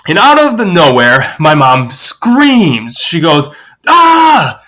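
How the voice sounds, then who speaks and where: A man guest on a podcast, telling a family anecdote in a lively, animated way. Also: takes it slowly. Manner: lively storyteller, acts out quoted voices with big pitch jumps.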